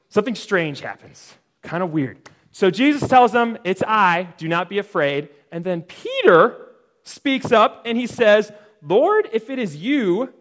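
A Sunday school teacher with a high, very lively voice that jumps all over teaches a children's Bible lesson. He tells the story playfully and jokingly, repeatedly calling on the kids to join in.

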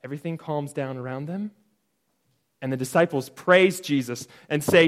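High-voiced man teaching children playfully. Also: moderate pace. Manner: playful, jokey storytelling to kids. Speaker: Sunday school teacher. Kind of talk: Bible lesson for children.

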